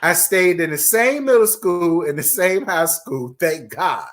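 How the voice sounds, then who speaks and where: Man around forty, raised pitch, chatty livestream host, emphatic repetition. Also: lively intonation, unhurried, a bit bright, slight background noise. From Virginia, USA. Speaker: host of a live chat stream. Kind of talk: casual livestream chat, reading viewer comments.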